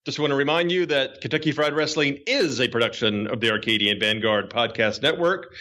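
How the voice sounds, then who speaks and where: A man hosting a wrestling podcast in a casual, joking way, halting with fillers, also reading an ad. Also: medium pitch, sharp tone. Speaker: podcast host. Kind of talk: casual podcast chat and ad read.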